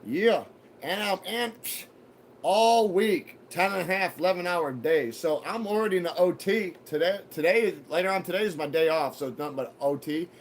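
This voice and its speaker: A man's voice: sits high, expressive, moderate pace, slight background noise. A man hosting a casual live stream, rambling to his viewers with profane, mock-threatening banter. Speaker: livestream host.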